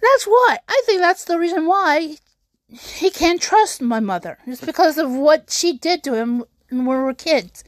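A woman's voice: high voice, animated, a little slow, dry recording. A young woman telling an upsetting personal story on her vlog, rambling with many restarts and fillers. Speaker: YouTuber.

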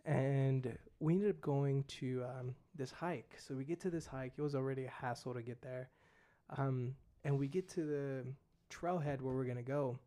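A man's voice: mid-range voice, normal speed, dark tone. A young man, a missionary guest, casually telling a story and saying "dude" and "like" a lot. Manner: laid-back, fillers like "dude" and "like".

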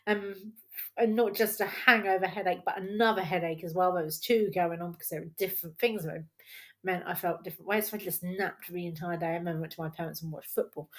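A woman hosting a casual solo film podcast at home, chatty and rambling and laughing often, recorded on a laptop's built-in mic. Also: on the low side. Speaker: podcast host.

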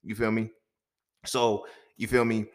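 A man hosting a podcast, telling a story in a casual, profane monologue that swings between loud outbursts and quiet asides. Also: lowish voice, level tone, a little slow. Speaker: podcast host.

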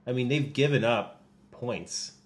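Young male co-host, casual and halting, average pitch. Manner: hesitant, many ums and restarts. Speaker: podcast co-host. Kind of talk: casual sports podcast chat.

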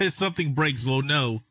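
Husky-voiced man joking on a podcast. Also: on the high side, animated, unhurried, sharp tone, no room sound. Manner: joking, sarcastic banter. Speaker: podcast co-host, editor-in-chief. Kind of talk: casual gaming podcast chat.

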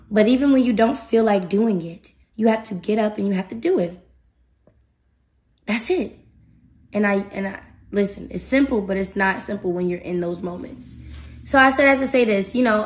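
A woman hosting a podcast in a casual motivational talk, animated and emphatic, speaking straight to her listeners. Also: medium pitch. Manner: animated and emphatic, addresses listeners directly, acts out her own thoughts. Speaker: podcast host.

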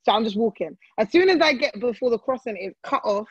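A woman, co-hosting a casual chat and telling a story in a relaxed way, full of slang. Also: on the high side, quick pace, slightly rough, dry recording, dull audio. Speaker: podcast co-host.

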